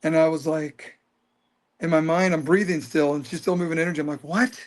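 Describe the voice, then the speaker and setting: A man in his fifties telling a personal story as an interview guest, earnest and animated. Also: on the high side, a little fast. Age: 50s.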